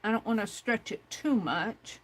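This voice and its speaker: A woman hosts a crafting livestream, chatting casually with herself and her viewers as she works and reading the chat aloud. Her voice is a little high with lively intonation, she speaks at a normal pace, and the recording is rough.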